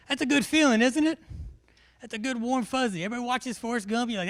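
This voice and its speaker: A man's voice: extremely high pitch, a little fast. A man, a military instructor giving a live classroom briefing in a large hall, joking and quizzing his audience.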